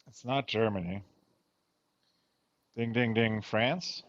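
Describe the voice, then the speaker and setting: Male trivia player, bright voice, muffled lo-fi sound. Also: lowish voice, slow. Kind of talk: casual trivia banter.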